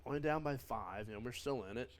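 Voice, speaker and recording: A man's voice: medium pitch, fast talker. A man giving casual commentary over his own baseball video game, rambling through memories with many fillers and sometimes snapping in frustration at the game. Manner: bursts of frustration and swearing at the game. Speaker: gamer narrating his own play.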